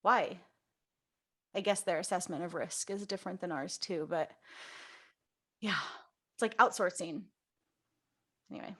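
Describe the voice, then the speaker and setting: A woman's voice: lowish voice, measured pace, pauses often, bright, forceful tone, slightly rough. A woman hosting a podcast interview in a casual, talkative way, often saying "like". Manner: talkative, peppered with "like". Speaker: podcast host.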